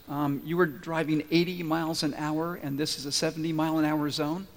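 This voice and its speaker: Stern official traffic cop voiced by a male preacher; brisk, raised voice, long reverb. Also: fairly high pitch, level tone, lightly acted. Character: stern male police officer writing tickets.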